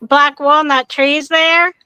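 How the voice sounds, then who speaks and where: A woman joining a livestream as a guest, talking in a gentle, earnest way while holding the phone camera. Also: high voice, fairly even intonation, slow, no echo, rough recording. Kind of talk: casual chat. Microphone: handheld phone.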